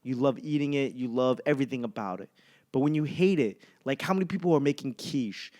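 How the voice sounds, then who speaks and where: A man's voice: medium pitch, brisk, a little mellow. A man in his thirties with a Boston accent, hosting a podcast in a rambling, profane comic monologue. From Boston area. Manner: rambling and profane, with self-mocking asides. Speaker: podcast host and stand-up comedian. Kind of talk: casual comedic monologue.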